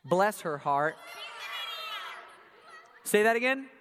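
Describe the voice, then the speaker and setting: A man's voice: sits high, sing-song, takes it slowly, fairly bright tone, a faint crowd, slight background noise. Man, Southern US accent, church speaker, playful and teasing, quizzes the audience, long hall reverb. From Southern US, Atlanta. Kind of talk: casual sermon talk to a congregation.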